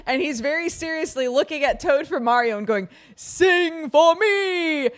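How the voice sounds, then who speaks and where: High, lively woman streamer, laughing a lot. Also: measured pace. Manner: laughs often and hard; playful, bursts into sung lines. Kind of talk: casual livestream chat.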